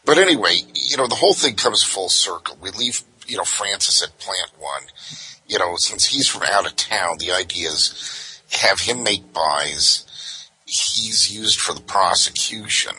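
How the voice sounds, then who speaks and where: Older man, low and bright, highly animated guest telling war stories. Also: measured pace, husky, poor audio. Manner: animated, full of "you know" asides. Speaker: guest, former undercover investigator. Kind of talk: anecdotal storytelling in an interview.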